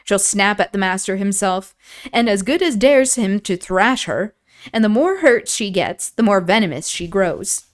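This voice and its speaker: A woman streamer reading a classic novel aloud, breaking off for relaxed, chatty asides. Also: medium pitch, normal speed. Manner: relaxed, chatty asides and laughter between passages.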